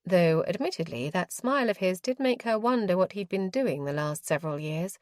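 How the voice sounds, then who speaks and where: A woman narrating a historical romance audiobook in a measured, expressive storytelling manner. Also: lowish voice, no echo, studio quality. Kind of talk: scripted narration.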